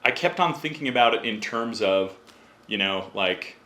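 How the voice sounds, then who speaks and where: Low, bright-voiced man telling a story. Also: animated, normal speed. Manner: chatty, acts out quoted voices. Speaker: guest. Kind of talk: casual storytelling.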